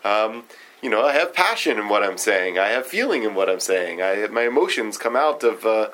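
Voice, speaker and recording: A man leading a casual study group discussion, talking in a halting way with many fillers and restarts. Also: on the low side, very animated, a bit bright, low-quality recording. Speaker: discussion leader.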